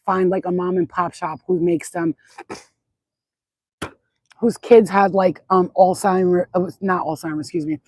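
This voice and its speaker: A woman's voice: lowish voice, fairly even intonation, a little slow, long pauses, darkish tone, dry recording, poor audio. A middle-aged woman rambling in a casual livestream chat outdoors at sunset, swearing freely and repeating herself as she goes. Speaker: spiritual channel host.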